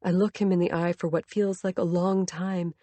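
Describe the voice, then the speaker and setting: A woman's voice: lowish voice, little pitch movement, moderate pace, mellow, no room sound. A woman reading a first-person story aloud as an audiobook narrator, with tense, intimate storytelling.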